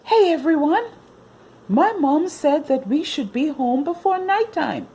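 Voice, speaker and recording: A woman doing a shrill, excited little boy. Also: unhurried. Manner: shrill and exclaiming. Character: excited cheerful young boy.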